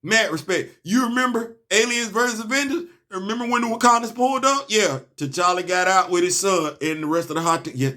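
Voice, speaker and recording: A young man, excitedly reviewing a comic in a casual, slangy monologue, laughing and stumbling over restarts. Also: high voice, a little fast, few pauses.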